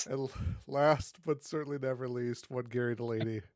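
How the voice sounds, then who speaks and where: Podcast host, male, relaxed and chuckly, close dry sound. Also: mid-range voice, no room sound. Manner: laughs often, easygoing. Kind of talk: casual podcast chat.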